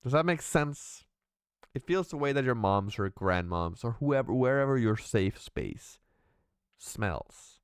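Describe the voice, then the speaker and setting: A man's voice: mid-range voice, expressive, unhurried, clean tone, no echo, clean studio sound. A man hosting a music reaction video, talking through his thoughts in a searching, casual way and swearing freely.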